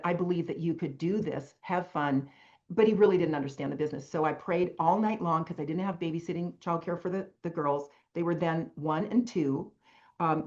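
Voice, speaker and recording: Older woman, low voice, rambling animated story, muffled call audio. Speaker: longtime direct-sales leader. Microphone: video call.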